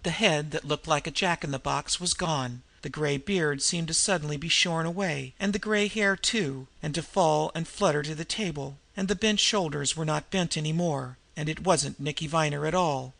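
A man's voice: a little high, normal speed, vocal fry, few pauses, fairly bright tone, no room sound. A man narrating a suspense story as an audiobook reader, dramatic storytelling. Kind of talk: scripted narration.

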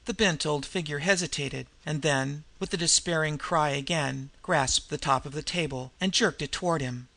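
A man's voice: fairly high pitch, normal speed, gravelly, hardly any pauses, pushed and bright, dry recording. A man narrating a suspense story as an audiobook reader, dramatic storytelling. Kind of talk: scripted narration.

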